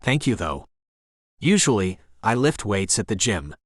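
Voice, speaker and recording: A man's voice: on the low side, sing-song, a little slow, dry recording, clean studio sound. A man reading as a laid-back teasing young guy.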